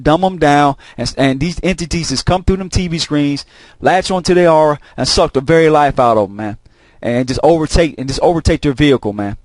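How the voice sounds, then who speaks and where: A man's voice: on the high side, no echo. Profane rambling man, dry close sound. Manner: rambling, repeats himself, heavy cursing. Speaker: host of a video channel. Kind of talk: casual profane monologue.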